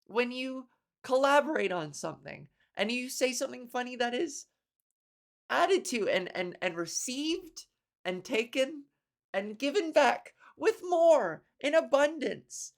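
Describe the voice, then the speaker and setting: A woman comedian hosting her own podcast, ranting casually with sarcasm, profanity and quick laughs. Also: sits high, very animated, gravelly. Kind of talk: casual solo podcast rant.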